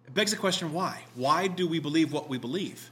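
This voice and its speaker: A man leading a prayer, reading scripture aloud and preaching in a conversational, animated way with self-deprecating asides. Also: a little high, a little fast, slight background noise. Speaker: pastor.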